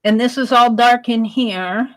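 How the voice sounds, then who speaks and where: This Wisconsin woman is live-streaming her art, chatting about the sketch she's working on and reading out comments from viewers. She speaks at a measured pace in a fairly high voice, captured on a rough recording.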